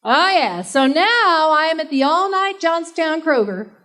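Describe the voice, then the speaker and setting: Brash high-voiced woman doing stand-up. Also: sing-song, unhurried, fairly bright tone. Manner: brash, chatty, works the crowd. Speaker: stand-up comic. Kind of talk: stand-up comedy set. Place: live comedy stage.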